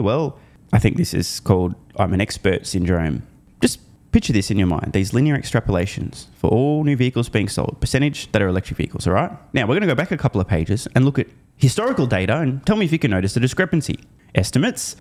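A man's voice: mid-range voice, darkish tone. A man hosting an investing commentary video, sarcastic and emphatic, swearing at forecasters as he reads through a report. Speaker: host.

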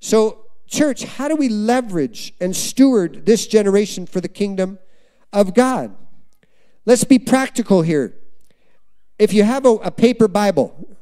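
Animated man preaching a story sermon. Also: sits high, clean tone. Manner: animated, asks the congregation questions. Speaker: guest preacher. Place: church before a congregation.

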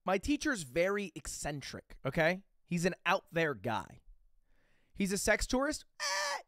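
A man's voice: high voice, wildly swooping pitch, unhurried, sharp tone, no room sound, studio quality. A man telling a live chat a rambling, casual anecdote, swearing freely and checking in with "okay?" and "right?" as he goes. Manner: casual and profane. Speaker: livestreamer.

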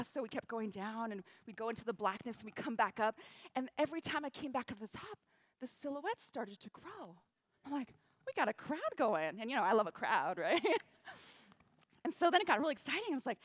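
A woman giving a keynote talk on stage, telling a story in an animated way, acting out quotes and laughing often. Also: a little high, quick pace, no echo. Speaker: keynote speaker. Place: event stage.

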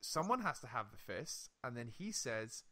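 A young man co-hosting a casual podcast, retelling a TV episode with lively swearing and frequent laughs. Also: mid-range voice, normal speed. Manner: animated storytelling, swearing, laughing often. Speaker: podcast co-host. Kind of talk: casual chat.

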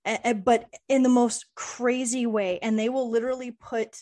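A woman author as a podcast guest, talking casually and pausing often with ums and uhs. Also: on the high side. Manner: relaxed, hesitant with many ums and uhs. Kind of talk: casual interview chat.

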